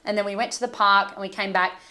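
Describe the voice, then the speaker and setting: Earnest, gentle woman coach. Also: mid-range voice, fairly even intonation, fast talker. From Australia. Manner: earnest, gentle storytelling with soft quoted asides. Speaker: emotional intelligence coach. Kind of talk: podcast conversation.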